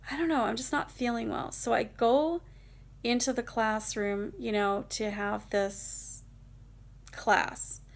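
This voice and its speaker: Young woman, casual storytime vlogger, rambling with fillers, gravelly fry in the voice. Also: on the high side. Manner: rambling, lots of fillers like "like" and "you know". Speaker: vlogger telling a personal story.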